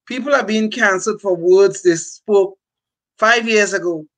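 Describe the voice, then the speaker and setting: A man's voice: high-pitched, a little slow, fairly bright tone. An older man co-hosting a political talk show, speaking emphatically with frequent restarts. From California. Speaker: podcast co-host. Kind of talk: political commentary.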